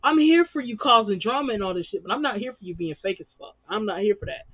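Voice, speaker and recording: A man with a high voice gives a sassy, slang-heavy recap of a reality show. He hammers his points home by repeating words. The sound is dry and tinny, like it is coming over a phone line. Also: lively intonation, quick pace, slightly rough, dry recording. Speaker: TV recap vlogger.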